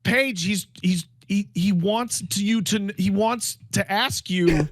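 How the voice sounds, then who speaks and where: A man in his thirties, a podcast co-host, excitedly telling a story, acting out the people in it and swearing. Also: sits high, slow, dry recording, studio quality. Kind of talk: animated storytelling chat.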